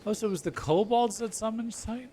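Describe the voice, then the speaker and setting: A man's voice: high voice, fast, music in the background. A man streaming a video game, chatting casually, reacting aloud and talking to his viewers. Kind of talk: casual gaming commentary.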